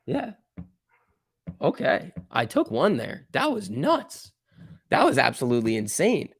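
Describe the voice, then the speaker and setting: A man hosting a live stock trading stream, reacting excitedly to price moves and chatting casually with viewers. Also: a little high, unhurried, gravelly, breathy edge, no echo, studio quality. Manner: excitable, exclaiming at price moves, reading chat aloud. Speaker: stock trading livestream host.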